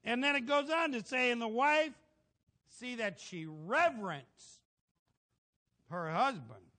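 A middle-aged man preaching a folksy, animated sermon, asking the congregation for amens. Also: very high voice, takes it slowly.

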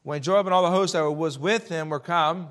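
Male preacher, slightly high voice, punchy rhetorical questions, drops to a hush for warnings. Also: moderate pace. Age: adult, Army veteran. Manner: emphatic, rhetorical questions, swings between loud and hushed. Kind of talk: sermon with scripture reading.

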